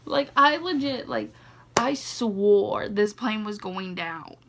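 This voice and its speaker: A woman's voice: medium pitch, lively intonation, takes it slowly, gravelly, a bit bright, slight background noise. A young woman telling a rambling story to camera in a casual vlog, leaning heavily on "like" and "legit" and breaking into laughs, sleepy and yawning. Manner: rambling, heavy use of "like" and "legit", frequent laughs. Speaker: vlogger.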